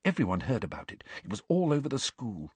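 A man voicing an earnest, soft-spoken teenage schoolgirl in an audiobook. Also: mid-range voice, big pitch swings, fast, breathy edge, no echo, voice pushed up. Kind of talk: audiobook character voice.

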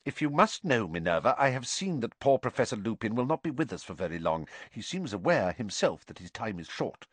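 A man's voice: mid-range voice, big pitch swings, brisk, husky, no echo. A man voicing a misty, haughty older woman seer who speaks in airy, melodramatic tones.

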